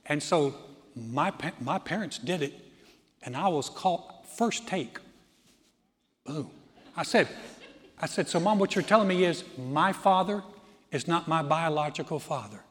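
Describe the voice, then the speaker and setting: A man's voice: a little high, expressive, a little slow, long pauses. A man in his sixties preaching a sermon, emphatic, building through rising lists and telling stories with humorous asides. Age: 60s. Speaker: pastor. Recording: long hall reverb.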